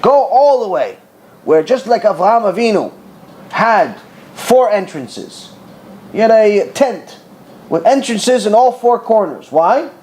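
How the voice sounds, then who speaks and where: Animated high-pitched rabbi telling stories. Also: male voice, a little hiss or hum. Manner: animated storyteller, acts out dialogue, repeats for emphasis. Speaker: rabbi teaching a class. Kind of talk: Torah class with storytelling.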